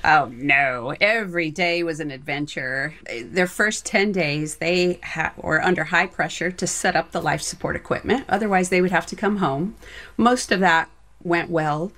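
A woman's voice: fairly low pitch, moderate pace, a bit bright. Earnest woman recalling her career. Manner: earnest, reflective storytelling. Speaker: guest, former flight director. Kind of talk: interview answers.

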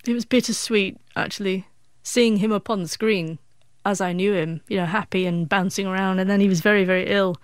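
A woman's voice: medium pitch, steady tone, smooth, no room sound. Stuttering woman, dry close sound. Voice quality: stuttering with frequent sound repetitions. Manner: emotional, reflective, halting. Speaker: interview guest, author. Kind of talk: personal storytelling in an interview.

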